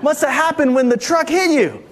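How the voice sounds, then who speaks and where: A female police officer who cannot believe what she is hearing, scolding in disbelief, voiced by a male pastor. Her voice sits noticeably higher than the man's own speaking voice. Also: normal speed, a faint crowd. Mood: incredulous.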